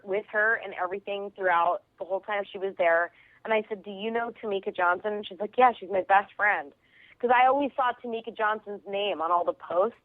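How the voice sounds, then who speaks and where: A woman comedian telling an animated story as a radio guest, acting out the people in it. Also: medium pitch, dry recording. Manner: excitable, quotes people in her stories. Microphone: phone call. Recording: tinny phone line.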